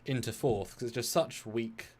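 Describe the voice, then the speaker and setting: A man's voice: medium pitch, normal speed, a little hiss or hum. A man co-hosting a casual live film discussion, arguing his view with jokes along the way. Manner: animated, jokey, argues his point. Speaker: co-host.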